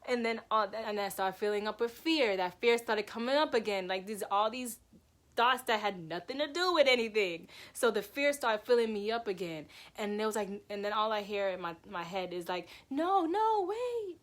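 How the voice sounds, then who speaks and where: A woman's voice: medium pitch, brisk. A woman telling a personal story to camera in a loose, emphatic, rambling way. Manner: animated, emphatic, lots of "like" and "yo".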